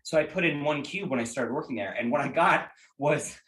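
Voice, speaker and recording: A man co-hosting a casual podcast, his voice bright and forward. He rambles through stories with lots of fillers and laughs. The sound carries a roomy echo. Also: on the high side, brisk. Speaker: podcast co-host. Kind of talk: casual chat about movies.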